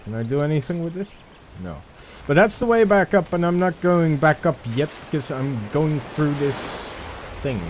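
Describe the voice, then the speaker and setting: A man casually commenting on his own gameplay, rambling and self-deprecating, with sudden excited outbursts. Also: on the high side, normal speed, a little hiss or hum. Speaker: let's play gamer.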